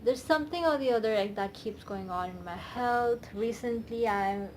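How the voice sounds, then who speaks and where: A young woman vlogger unboxing a DVD set at home, gushing and squealing with delight between quieter asides. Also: on the high side, moderate pace, a little hiss or hum. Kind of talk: excited unboxing vlog.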